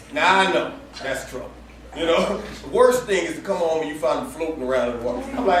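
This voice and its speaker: A man preaching a sermon at a campus ministry gathering, telling a story in a lively, laughing, colloquial way. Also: high voice, brisk, a little hiss or hum. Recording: echoey room heard from far off.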